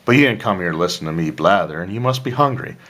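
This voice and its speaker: A homely, chatty village landlady who offers tea and stew, as a deep-voiced man puts her on. She talks warmly with a faint drawl and keeps a very low pitch. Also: animated, quick pace. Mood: hospitable. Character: kindly village landlady, middle-aged woman.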